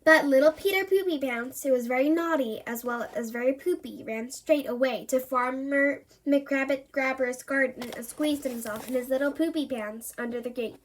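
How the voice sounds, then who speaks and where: A woman reading a children's book aloud in a playful, expressive way. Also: high-pitched, moderate pace, few pauses, slight background noise. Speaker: storybook reader.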